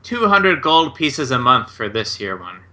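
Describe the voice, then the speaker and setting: An obsequious bank manager, voiced by a man, courting rich customers. He talks slowly in a bright, sharp tone. Every line is a sales pitch. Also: big pitch swings, exaggerated voice. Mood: fawning. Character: smooth, fawning male bank manager.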